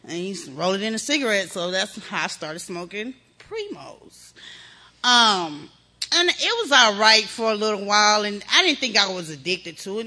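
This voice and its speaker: Middle-aged woman from Texas, blunt testimony speaker, bright and forceful tone, lively storyteller. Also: medium pitch, normal speed. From Texas, USA. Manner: candid, animated storytelling with slang. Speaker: speaker sharing recovery testimony. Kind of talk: personal testimony.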